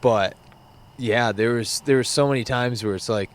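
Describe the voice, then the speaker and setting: A man's voice: medium pitch, moderate pace. A man guest on a casual podcast, speaking in an easygoing, hesitant way with fillers. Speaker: guest cyclist.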